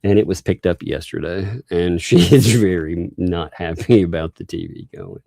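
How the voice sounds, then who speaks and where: A man's voice: sits low, moderate pace, vocal fry, dark tone, no echo, studio quality. A male livestream host giving casual, rambling commentary, chuckling often and speaking straight to his chat. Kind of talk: casual live-stream commentary.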